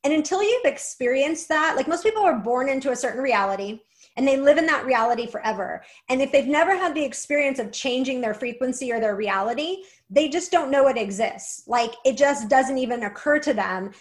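A young adult woman, a guest and author, telling a personal story earnestly with many "like" fillers. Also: sits high. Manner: earnest, fast, lots of "like" fillers.

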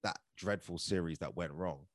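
With a low voice at a normal speed and no room sound, a London actor and comedian tells casual stories as a podcast guest. He's chatty and lively, using "like" and "right?" as frequent fillers.

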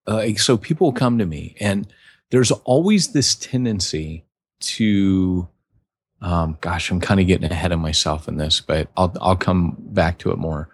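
A man's voice: sits low, unhurried, slightly rough, no echo. A man co-hosting a podcast, chatting in a rambling way with restarts and acted-out quotes. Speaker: podcast co-host. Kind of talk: conversational podcast talk.

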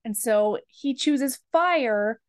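A woman podcast host retelling a book plot in casual, animated chat, full of 'like'. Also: a little high, drawn-out words. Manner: animated, chatty, many fillers of 'like'.

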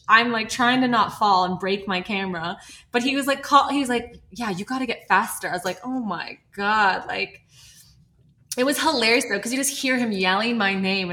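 Bright, animated young woman telling stories. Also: mid-range voice, normal speed. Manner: animated, laughing, quotes people often. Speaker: guest, wildlife filmmaker. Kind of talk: casual podcast storytelling.

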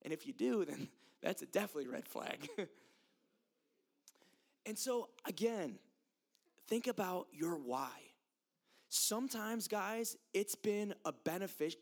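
A man's voice: fairly high pitch, animated, measured pace. A young man from the United States giving a casual, earnest sermon, talking straight to his listeners and laughing at himself now and then. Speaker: youth preacher.

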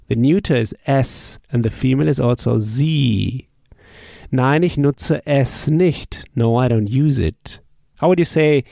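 A man leads a language drill. His voice is gravelly, low and mellow, and he repeats phrases slowly and patiently. The sound is dry and close, with no room echo. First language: German. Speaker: language teacher. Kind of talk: spoken language drill lesson.

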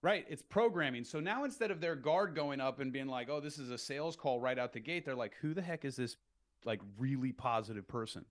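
A middle-aged man as a podcast guest, explaining sales tactics in an animated way and acting out phone calls in upbeat voices. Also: mid-range voice, brisk. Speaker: real estate entrepreneur guest.

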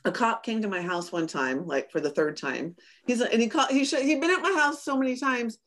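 Lively woman telling a story. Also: on the high side, brisk. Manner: animated, acts out quoted lines with laughs. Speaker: business coach, guest. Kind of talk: casual storytelling interview.

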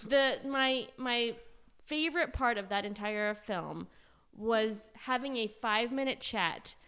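A woman's voice: on the high side, slow, a bit bright, smooth. A woman from Oklahoma, a hairstylist, chatting casually on a podcast and telling bubbly stories with frequent laughter. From Oklahoma, USA.

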